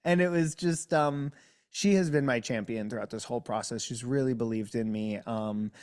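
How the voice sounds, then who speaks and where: A man's voice: moderate pace, a little mellow, clean tone. Exuberant, theatrical man from New Jersey. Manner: exuberant, theatrical, with big upward pitch swings. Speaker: podcast guest. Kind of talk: casual interview chat.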